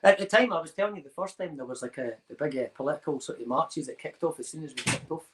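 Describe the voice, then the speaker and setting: A man's voice: fairly high pitch, fast talker, fairly bright tone, low-quality recording. A man with a Scottish accent, a podcast guest rambling through anecdotes with Scots slang in casual chat. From Scotland.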